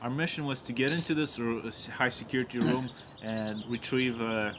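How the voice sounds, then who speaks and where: A man's voice: mid-range voice, steady tone, normal speed, background noise. A man in casual chat, chiming in with dry details about a live-action role-play game. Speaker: larp player recounting a game.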